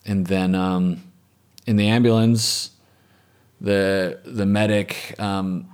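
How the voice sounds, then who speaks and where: A man telling a personal story in an interview, calm and reflective, often letting his voice trail off softly. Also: deep voice, slow pace, clear, resonant tone. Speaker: interviewee, former medic and lifeguard.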